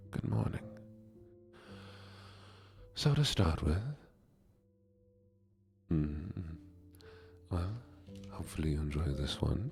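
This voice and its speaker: A man with a put-on German accent in a soft-spoken ASMR stream, greeting viewers and reading poetry in a hushed whisper. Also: rumbling low, gravelly.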